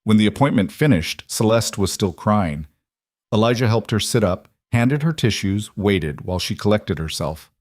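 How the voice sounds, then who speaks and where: A man narrating a scripted story in an even, measured way. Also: on the low side, no echo, clean studio sound.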